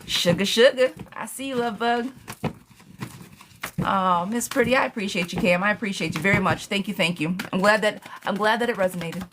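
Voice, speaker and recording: A woman's voice: mid-range voice, background noise. Chatty woman tarot reader live-streaming. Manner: affectionate, showers viewers with pet names; animated, talks fast in bursts, laughs often. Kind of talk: casual live-stream chat.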